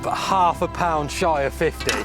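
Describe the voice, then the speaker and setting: A man from England chatting excitedly at a lakeside, laughing and cheering in sing-song bursts. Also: on the high side, normal speed. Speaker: angler, show regular. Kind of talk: excited casual chat on camera. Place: outdoors at a lakeside. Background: music.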